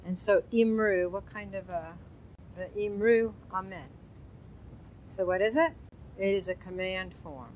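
A woman's voice: medium pitch, unhurried, a little mellow, muffled recording, a little hiss or hum. A woman teaching an informal Hebrew Bible lesson, chatty and quizzing her class. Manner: chatty, asks the class questions, loose asides.

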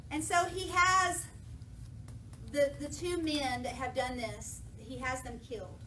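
Bright-voiced woman preaching from afar. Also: sits high, unhurried. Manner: lively, jokey, acts out voices of people in the story. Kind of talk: sermon with playful paraphrase. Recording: echoey church from a distance, faint noise.

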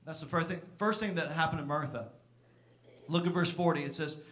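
Preaching man with a higher voice. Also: fairly quick, fairly bright tone, soft background music. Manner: earnest, acts out Martha's complaints with raised pitch. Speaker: pastor. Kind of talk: sermon. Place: church.

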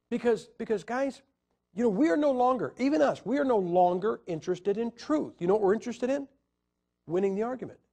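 Male preacher, high voice, combative teaching tone with lots of "uh" pauses. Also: dark tone. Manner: argumentative, rhetorical questions, hesitant fillers. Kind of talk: Bible teaching lecture.

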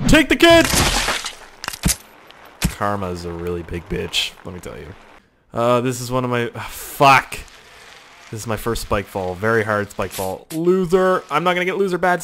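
A young man doing loud, excitable gaming commentary, swearing, yelping and shouting as he plays. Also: medium pitch, brisk, background noise. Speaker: gaming YouTuber.

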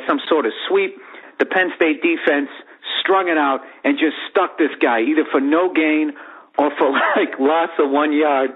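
A man in his forties telling a profane, comedic story on his podcast and acting out the other people in it. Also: fairly high pitch. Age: 40s. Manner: profane, animated, acts out voices in the story. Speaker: podcast host. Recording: tinny phone-like sound.

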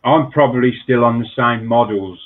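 A man's voice: mid-range voice, normal speed. A man chatting casually as a guest on a live stream over a video call. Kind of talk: casual chat. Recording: tinny phone-like video call.

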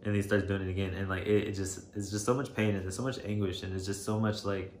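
A man telling a personal story to camera, shaken and emotional, halting and hesitant with many fillers. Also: sits low, steady tone, a little mellow. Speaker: vlogger. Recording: roomy echo, faint background noise.

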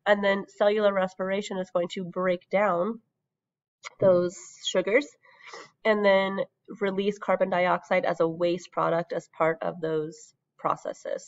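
A woman's voice: mid-range voice, dry recording, highs cut off. A woman teacher with a sick voice, explaining a recorded lesson over slides, with frequent ums.

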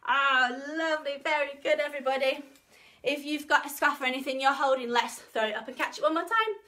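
A woman's voice: high-pitched, fairly quick. A woman with a Northern English accent leading a home workshop for toddlers and their families, singing nursery rhymes and calling out movement games in a coaxing, sing-song way. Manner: bright sing-song coaxing, gasps and cheers. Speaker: children's workshop leader. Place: home room, live stream. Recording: faint ukulele playing behind her.

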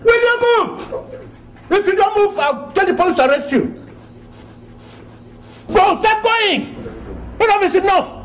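A man's voice: very high voice, animated, measured pace, pauses often, echoey room, slight background noise. A man playing an indignant father who barks orders at a suitor in a comedy film. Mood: angry. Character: stern angry father chasing off a suitor. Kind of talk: Nollywood comedy film acting.

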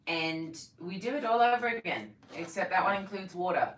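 Dry, teasing woman co-host, low voice. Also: animated, moderate pace, fairly bright tone, reverberant, recorded from a distance, rough recording. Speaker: co-host reading viewer comments. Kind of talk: casual live-stream chat.

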